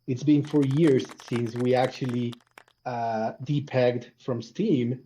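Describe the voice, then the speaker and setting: A man's voice: medium pitch, slow pace, slight background noise, rough recording. A man arguing his point with energy in a casual online group discussion. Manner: animated, emphatic, arguing a point. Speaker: community panelist.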